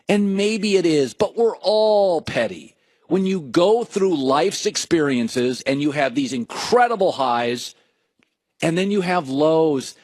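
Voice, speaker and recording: A middle-aged man hosting a sports talk show, riffing in an opinionated monologue full of jokes and quick asides. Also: high-pitched, no echo. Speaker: sports radio host.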